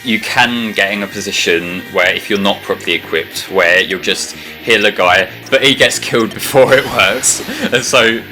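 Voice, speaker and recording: A man playing the game and commenting casually in a flat, deadpan way, with his voice jumping up in pitch at times. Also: moderate pace, few pauses, faint music behind. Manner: flat deadpan delivery that jumps high in pitch. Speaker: let's play player.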